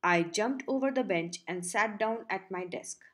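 A woman's voice: medium pitch, measured pace. Woman narrating a school audiobook. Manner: steady, clear reading of a story. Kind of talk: audiobook reading.

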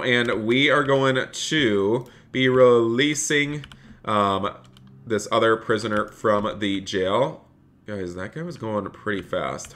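Live-streaming a police role-play game, a man with a bright, forceful voice pitched on the low side chats upbeat and nonstop. He thanks viewers by name and shifts into a polite officer persona whenever he addresses players.

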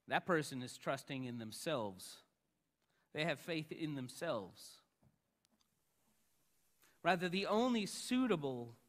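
A man pastor preaching a sermon, emphatic, rising loud on the lines he quotes. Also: on the high side, long reverb tail.

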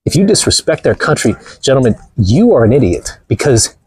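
A man's voice: mid-range voice, big pitch swings, a little fast, a little mellow, breathy edge. A man vlogging outdoors with a phone camera, blunt and mocking, rambling through stories as he walks. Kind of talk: casual walking vlog talk.

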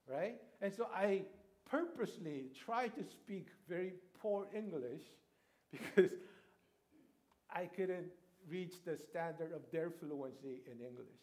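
Male pastor, 50s, high-pitched, chatty conversational preaching style. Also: unhurried, a little mellow. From Korea. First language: Korean. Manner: conversational, checks in with "right?" and "you know". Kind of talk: sermon. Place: church sanctuary.

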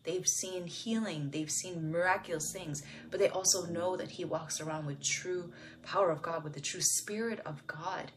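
A woman with a deep, low voice talks through a Bible passage in a personal reflection. She speaks softly and thoughtfully, full of little fillers, and now and then lets her voice fall to a whisper. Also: normal speed, noisy background. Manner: soft-spoken, musing, with frequent fillers; sometimes drops to a whisper. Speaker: devotional video host.

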